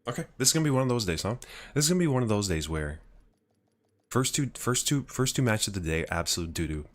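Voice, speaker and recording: A man's voice: lowish voice, sing-song, fast talker. A man streaming a game live, chatting casually with viewers, swearing freely and rambling through his thoughts. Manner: chats with viewers. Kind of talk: live gameplay commentary.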